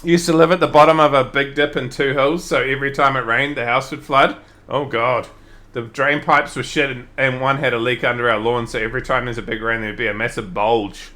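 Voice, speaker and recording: Rambling New Zealand streamer, bright voice. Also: male voice, medium pitch, fairly even intonation, fairly quick. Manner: rambling, swears casually, self-correcting. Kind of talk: casual storytelling while gaming.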